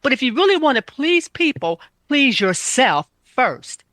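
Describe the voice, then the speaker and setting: A woman's voice: high voice, very animated, measured pace, a bit bright, no room sound. A woman health coach giving casual, emphatic self-care advice, repeating her points.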